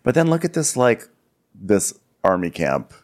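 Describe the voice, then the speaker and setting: Lower-voiced man, animated and teasing. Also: a little slow. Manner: wry, teasing, laughs and mimics characters. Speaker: podcast co-host. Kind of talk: casual recap chat.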